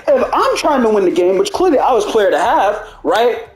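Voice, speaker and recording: A man's voice: sits high, very animated, normal speed, roomy sound, poor audio. A man who makes gaming videos, angrily ranting to his viewers in a profane, repetitive way. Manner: angry, profane, repeats himself, ends lines with "bro". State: heated. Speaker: gaming YouTuber. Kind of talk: heated gameplay rant to viewers.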